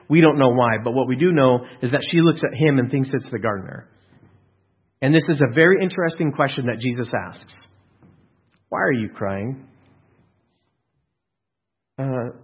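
A man's voice: medium pitch, slightly rough, lo-fi sound. A man preaching a sermon in an earnest, emphatic way, with rhetorical questions and frequent restarts. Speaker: pastor.

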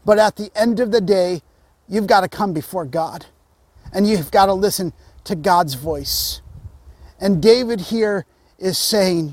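A man's voice: sits high, unhurried, a little mellow, dry recording. A man, a pastor, preaching a sermon and speaking earnestly and directly to his listeners.

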